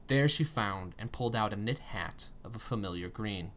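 A man narrating a story aloud in an expressive reading style, with tense pauses and strong emphasis. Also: fairly low pitch. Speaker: story reader.

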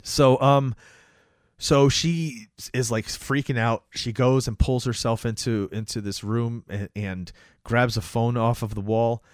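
A man co-hosting a casual talk show, retelling a film scene by scene with lots of fillers and quick acted-out lines. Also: medium pitch, no echo, clean studio sound. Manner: animated retelling, acts out lines, many fillers. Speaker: podcast co-host recapping a movie. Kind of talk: casual chat.

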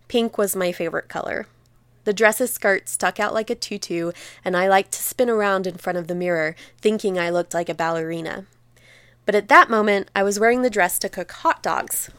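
A woman teacher reading aloud from a memoir excerpt in a measured, expressive storytelling manner. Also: fairly low pitch, smooth, dry recording.

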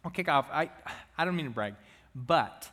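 A man's voice: fairly high pitch, animated, moderate pace, sharp tone, long reverb tail. A young man and student minister giving a chatty, joking sermon to his church. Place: church sanctuary.

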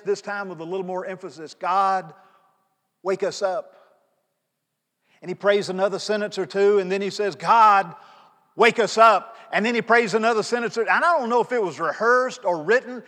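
High-voiced man preaching in a reverberant church. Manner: conversational storytelling preacher, swinging from soft asides to loud emphatic pleas. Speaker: pastor. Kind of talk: sermon. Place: church sanctuary. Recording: long reverb of a church sanctuary.

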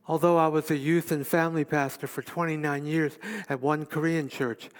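A man in his fifties preaching a sermon as pastor, animated, swinging between loud emphatic lines and hushed asides. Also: a little high.

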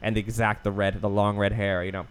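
A man's voice: fairly low pitch, level tone, quick pace, clear, resonant tone. A man co-hosting a podcast, casually recapping a film plot in a loose, profane way with many restarts. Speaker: podcast co-host.

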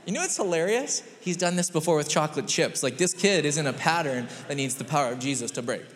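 Animated storytelling pastor in a reverberant church. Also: male voice, fairly high pitch, quick pace, a little hiss or hum. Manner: storytelling with animated acted-out quotes. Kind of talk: sermon. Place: church sanctuary. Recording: long hall reverb in a church.

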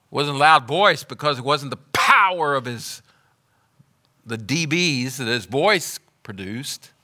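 A male pastor preaching a sermon with emphatic, rhythmic repetition that builds to loud declarations. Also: mid-range voice, lively intonation, measured pace.

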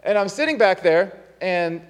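A high-pitched male pastor preaching in a church, his voice trailing off into a long reverb. He talks in a loose, chatty way and laughs at his own faults as he tells a story. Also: lively intonation, normal speed. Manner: conversational, self-deprecating storytelling. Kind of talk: sermon with a personal story. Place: church sanctuary.

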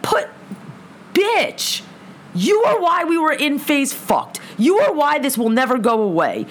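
A woman's voice: a little high, a bit bright. Fired-up swearing woman ranting. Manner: heated, swearing constantly. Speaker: vlogger. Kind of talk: angry profane rant. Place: lives in a big city apartment.

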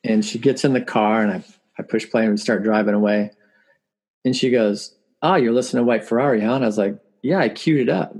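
A man in his forties chatting as an interview guest, his voice a little husky. He tells stories loosely, breaking into laughter and acting out what people said. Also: mid-range voice, a little fast, darkish tone. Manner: storytelling, laughs often, acts out quotes. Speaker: musician guest. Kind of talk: casual interview chat.

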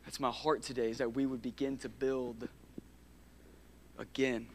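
A man in his thirties preaching an impassioned sermon, swinging from loud urgency to hushed, near-whispered passages. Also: medium pitch, little pitch movement, unhurried, a little hiss or hum. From Michigan. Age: 30s. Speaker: pastor.

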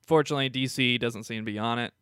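A man chats through the news on a casual podcast, pausing on fillers and chuckling now and then. His voice is smooth and clear. The recording is dry and close. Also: medium pitch, no echo. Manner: relaxed, hesitant, lots of fillers and chuckles. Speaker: podcast co-host presenting news. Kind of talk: casual chat.

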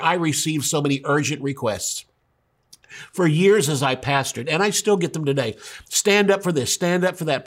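A man from the United States preaching a sermon, emphatic and conversational, with frequent rhetorical questions to the congregation. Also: fairly high pitch. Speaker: pastor.

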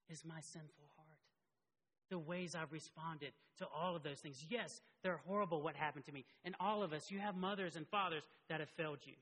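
A man preaching a sermon as pastor, impassioned and climbing to high emotional peaks as he tells stories and reads scripture. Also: fairly bright tone, slight background noise. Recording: long hall reverb.

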